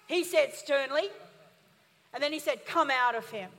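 A woman's voice: high-pitched, measured pace, a bit bright. A woman pastor preaching an emphatic sermon, calling on the congregation to answer back. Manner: emphatic, call-and-response preaching. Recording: reverberant church hall.

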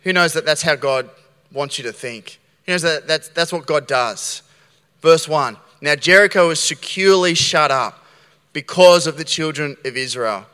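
A man preaching a sermon as pastor, animated and acting out Bible scenes with frequent restarts. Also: fairly high pitch, normal speed, smooth. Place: church service hall. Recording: long reverb of a large church hall.

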